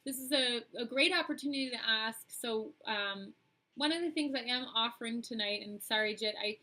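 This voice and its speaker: A woman with a bright, tense edge to her tone, sitting a little above the usual pitch, hosts a live-streamed oracle card reading. She chats directly to her viewers, loosely and with plenty of "um"s, as she explains each card. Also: moderate pace, poor audio. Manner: chatty, speaks straight to viewers, frequent "um"s.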